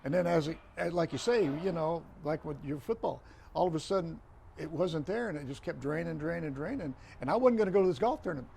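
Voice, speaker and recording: An older man, a retired referee, telling stories as a guest in a podcast interview, animated, repeating phrases and acting out dialogue. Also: a little high, fast, vocal fry, a little hiss or hum.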